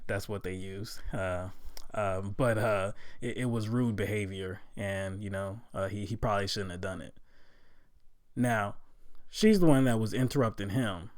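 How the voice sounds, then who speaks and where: A man with a fairly low voice talks through political commentary in a casual, filler-heavy way. He climbs into loud disbelief when he gets worked up. The sound is dry and close, with no room around it. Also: clear, resonant tone, dry recording. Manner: conversational with many fillers, gets loud and incredulous.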